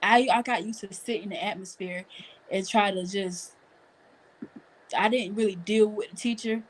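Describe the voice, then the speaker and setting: Teen girl, kinda husky, earnest advice in a chat. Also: mid-range voice, fairly even intonation, normal speed, low-quality recording. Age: teens. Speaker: high school student guest. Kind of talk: casual chat.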